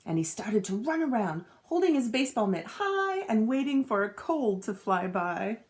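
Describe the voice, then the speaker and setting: A woman teacher reading a children's storybook aloud with expressive storytelling. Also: fairly high pitch, normal speed.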